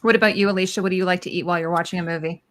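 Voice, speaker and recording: A woman's voice: fairly low pitch, steady tone, rapid-fire, a bit bright. A woman hosting a casual livestream, chatting with guests and reading viewer comments aloud. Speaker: livestream host.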